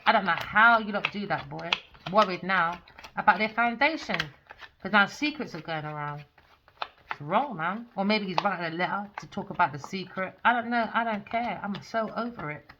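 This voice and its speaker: A woman's voice: fairly low pitch, fairly bright tone, slight background noise. A woman giving a rambling tarot reading, swearing bluntly and venting as she goes. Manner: profane, blunt, ranting. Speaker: tarot reader. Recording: dull lo-fi recording.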